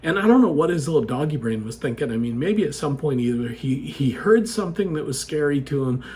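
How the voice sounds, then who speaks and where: A man with a slightly raised voice telling a personal story straight to the listener. He talks casually and chattily, with an animated, conversational way of retelling events and frequent asides to his audience. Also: fairly high pitch, fairly quick.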